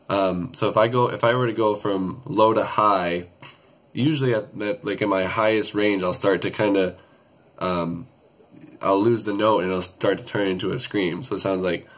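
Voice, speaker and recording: A young man with a slightly low-pitched voice talks through a singing lesson in a loose, casual way. He rambles a little and fills gaps with ums and restarts. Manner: relaxed, rambling with many fillers and restarts. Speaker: vocal tutorial host. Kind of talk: casual vocal tutorial.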